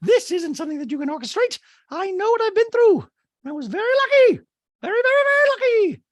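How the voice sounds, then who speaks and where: Man mimicking a gushing dramatic socialite woman, squealing high falsetto, slow and swooping. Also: very animated, no echo, studio quality. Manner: breathy, drawn-out, theatrical falsetto. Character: gushing, melodramatic reality-TV woman.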